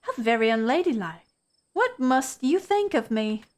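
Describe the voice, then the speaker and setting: A woman's voice: high voice, sing-song, measured pace. A woman voicing a feisty old female pug who talks like a genteel, fussy southern lady, in a put-on Southern US accent. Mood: prim.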